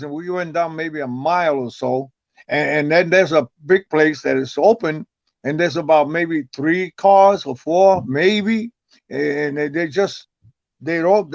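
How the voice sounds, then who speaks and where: An older man tells a story as a guest, rambling along and tripping over repeated words. His voice sits a little high. The recording is dull and lo-fi with a very dry sound. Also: no echo. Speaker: guest, retired wrestler. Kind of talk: casual storytelling interview.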